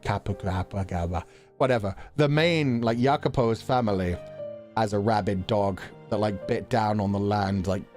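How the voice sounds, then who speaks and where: A man chatting casually with viewers after a game stream, laughing often, thinking out loud and swearing now and then. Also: on the low side. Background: faint background music.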